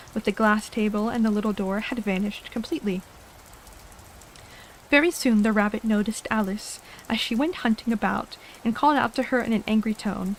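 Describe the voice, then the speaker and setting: A woman giving a gentle, unhurried ASMR storybook reading. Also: fairly high pitch, slight background noise, poor audio. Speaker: ASMR reader.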